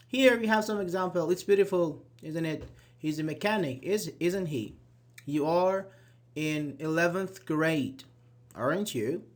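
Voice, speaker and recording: Guy teaching grammar online, slightly high voice, patient, lots of uh-huhs. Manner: explains patiently, acts out example sentences, many "uh-huh"s. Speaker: English teacher.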